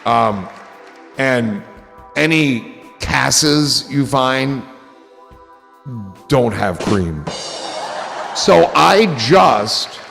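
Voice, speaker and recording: A man with a gravelly, creaky voice chats loosely on his livestream, wandering from one joke to the next and swearing freely. His voice rings with a long reverb, and soft music plays behind him. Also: mid-range voice, animated, drawn-out words, long pauses, some chatter behind. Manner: rambling, goofy and profane. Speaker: livestream host. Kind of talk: casual livestream chat.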